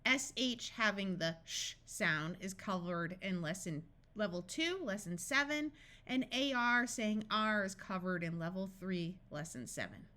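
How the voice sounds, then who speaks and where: A woman teaching a phonics lesson, slowly sounding out letters and words one at a time with careful, deliberate delivery. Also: mid-range voice, lively intonation, sharp tone. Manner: slow and deliberate, stretching out each sound. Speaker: phonics tutor.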